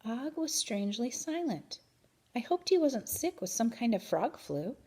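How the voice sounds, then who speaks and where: A woman reading a children's book aloud in an expressive, animated way. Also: a little high, a little slow, breathy edge. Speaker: reader. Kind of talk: storybook read-aloud.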